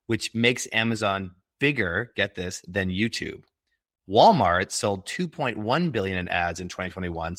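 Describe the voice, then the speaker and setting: A man hosting a podcast, upbeat and quick to laugh, reading through banter and figures. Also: lowish voice, a bit bright, no room sound, studio quality. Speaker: podcast host. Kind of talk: scripted casual podcast banter.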